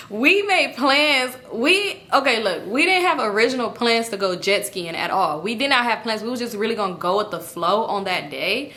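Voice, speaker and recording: Young woman storyteller, bright and forceful tone, animated, acts out friends' lines. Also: fairly high pitch. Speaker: storytime YouTuber. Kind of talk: casual storytelling.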